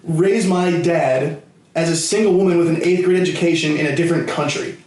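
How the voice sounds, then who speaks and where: A man's voice: a little high, a little fast, a little mellow. A man hosting a comedy podcast, telling rambling, profane family stories in a loose, casual way. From United States, Connecticut. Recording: roomy, distant camera-mic audio.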